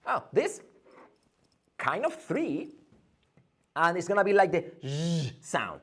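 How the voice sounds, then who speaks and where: A man's voice: high-pitched, very animated, measured pace, a bit bright, husky. A man teaching an English pronunciation lesson, drilling sounds by repeating them and asking and answering his own questions.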